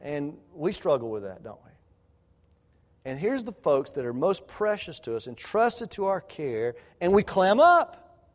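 A man preaches a sermon in a large hall, and his voice rings with a long reverb. He acts out quoted lines and swings from raised, animated calls to quiet, low asides. His pitch sits somewhat high for a man. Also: measured pace.

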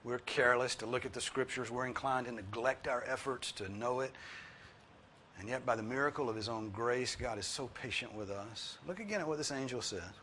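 A male pastor delivering a sermon in an earnest, pleading way. His voice sits at an ordinary middle pitch, sinking quiet and low before climbing to loud, high emphasis. A faint hiss runs under the recording. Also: a little fast. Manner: drops low and soft, then rises to loud, high emphasis.

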